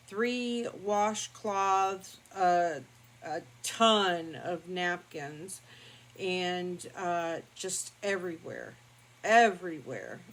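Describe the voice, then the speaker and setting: An older woman vlogger telling a personal story in a calm, rambling, matter-of-fact way with many fillers. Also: on the low side, low-quality recording. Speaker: beauty vlogger. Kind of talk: casual storytelling to camera.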